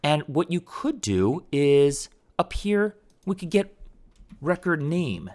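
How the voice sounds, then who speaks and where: A man's voice: a little high, very animated, slow pace, darkish tone. A man teaching a programming tutorial over a screen recording, talking casually and thinking aloud with fillers and restarts.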